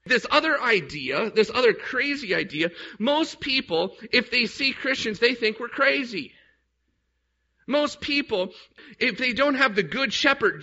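Male pastor, emphatic storytelling sermon, high voice, muffled lo-fi recording. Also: pushed and bright. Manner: emphatic, storytelling preaching with rhetorical questions. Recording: dull lo-fi recording.

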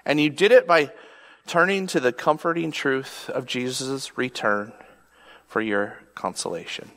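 A man's voice: medium pitch, a little slow, pushed and bright. A man preaching a sermon in a conversational, emphatic way, often asking rhetorical questions. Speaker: pastor. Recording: long hall reverb.

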